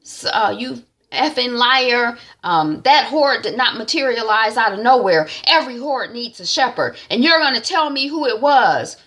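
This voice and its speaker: A stern, accusing man demands the truth and refuses to let go of the question, as a woman recaps him. The voice is pitched noticeably higher than her usual talk, and it pushes hard with each line. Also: expressive, normal speed, hardly any pauses, a bit bright. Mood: pressing. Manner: insistent, accusing. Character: stern male interrogator pressing for truth.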